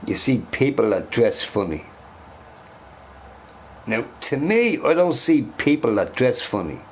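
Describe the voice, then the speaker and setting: A man's voice: lowish voice, a little hiss or hum. A man in a casual ranting monologue who swears a lot and keeps asking his listeners "right?". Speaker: vlogger.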